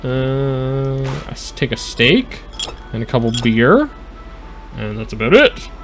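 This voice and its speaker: A man's voice: mid-range voice, very animated, takes it slowly, fairly bright tone, faint music behind. A man casually commentating his gameplay, chatting with his live chat and joking around. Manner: chatty, talks to live chat, jokey mock accents. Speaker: let's play host.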